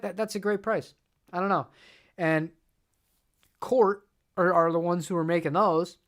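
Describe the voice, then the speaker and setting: A man hosting a guitar channel, chatting casually on a live stream, rambling and repeating words and laughing often. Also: on the high side.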